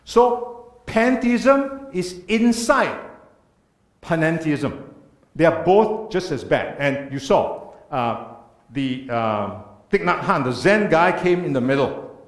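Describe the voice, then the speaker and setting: Lively, emphatic man lecturing in a church. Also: fairly high pitch, slow pace, long pauses. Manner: earnest, emphatic lecturing with rhetorical questions. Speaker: speaker. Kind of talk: church talk. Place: church hall. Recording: echoey church room.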